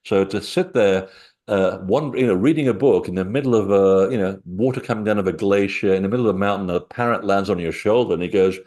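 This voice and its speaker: A middle-aged man with a lowish voice, speaking as an interview guest. He wanders from story to story and hesitates often. His delivery is easygoing and conversational. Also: brisk, a little mellow. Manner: rambling, anecdotal, many fillers. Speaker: author and guest. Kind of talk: casual interview talk.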